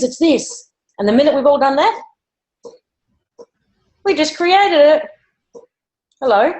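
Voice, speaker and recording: A woman's voice: sits high, rough recording. Blunt woman on a live online show. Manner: animated, blunt, swearing. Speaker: podcast co-host. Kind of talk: casual live show chat.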